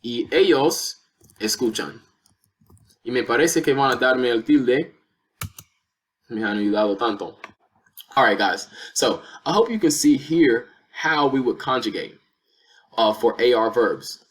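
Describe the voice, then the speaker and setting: A man's voice: medium pitch, lively intonation, measured pace, pauses often. A man teaching a lesson, explaining step by step with patient repeated examples. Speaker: Spanish teacher. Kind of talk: lesson explaining verb conjugation.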